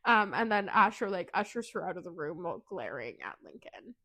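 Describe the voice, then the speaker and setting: A woman podcast co-host casually recapping a novel's plot, animated and giggly, acting out the characters' lines in a higher voice. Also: brisk. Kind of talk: casual book recap chat.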